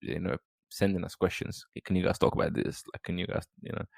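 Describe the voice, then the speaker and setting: Gravelly low-voiced man, rambling chat. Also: fast talker, dry recording. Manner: relaxed, rambling, lots of fillers and restarts. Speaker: podcast guest. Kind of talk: casual chat.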